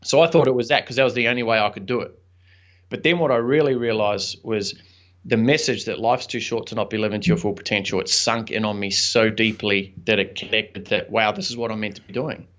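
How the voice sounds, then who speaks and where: A man's voice: lowish voice, steady tone, a little fast, fairly bright tone. A young man, a podcast guest and entrepreneur, telling a personal story in an earnest, reflective, chatty way with some fillers. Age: young adult. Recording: slightly dull lo-fi audio.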